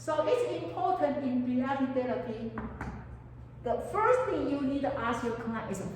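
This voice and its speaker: A woman with a fairly high voice gives a counseling lecture, often stopping to ask her class questions. Her English has non-native phrasing. She sounds a long way from the microphone, in a hall with strong reverberation. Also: lively intonation, normal speed, slight background noise. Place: lecture room with students. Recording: echoey hall, mic far off.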